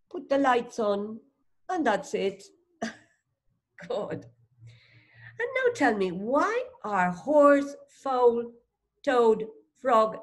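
A woman teacher reads a phonics storybook to a child at a very slow pace. Her voice is higher than most and gravelly, with lively swings in pitch. She asks questions and praises the child as she goes. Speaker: teacher reading a phonics book. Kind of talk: slow read-aloud lesson for a child.

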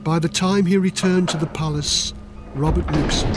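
A man's voice: on the high side, moderate pace, music in the background. An older man reading his own children's history book aloud in a playful, dramatic storytelling manner. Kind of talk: audiobook narration for children.

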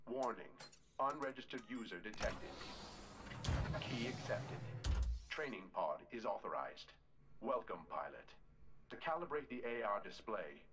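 A man voicing a calm male training simulator computer that gives formal, instructional announcements. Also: mid-range voice. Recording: noisy game audio capture.

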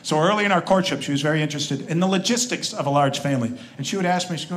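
On a live club stage, a man in his forties performs a conversational, self-deprecating stand-up set peppered with quoted asides. His fairly high voice races along very fast with few pauses, while the crowd's laughter and noise fill the room.

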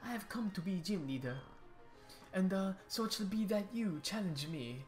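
A man reading out a flamboyant French gym leader in a put-on mock French accent, pompous and halting. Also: high voice, lively intonation, darkish tone, soft background music, pitched above the performer's own voice. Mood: grandiose.

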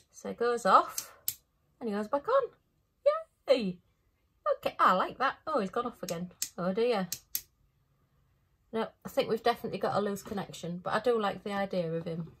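A woman, chatting casually as she unboxes a craft kit. She thinks aloud and breaks into bright little exclamations. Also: mid-range voice, slight background noise. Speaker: craft vlogger.

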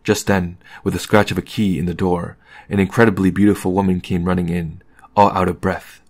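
A man reading a novel aloud as an audiobook in a calm, measured narration. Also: low-pitched. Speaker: audiobook reader.

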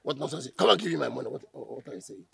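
An actor with a Nigerian accent playing a quarrelsome motorcycle taxi rider who talks in pidgin. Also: male voice, medium pitch, animated, racing, creaky. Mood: angry.

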